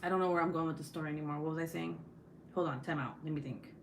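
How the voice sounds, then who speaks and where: Profane, animated young woman telling stories. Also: low voice, rapid-fire, noisy background. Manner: profane, animated, acts out quotes. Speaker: craft vlogger. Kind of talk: casual storytelling chat.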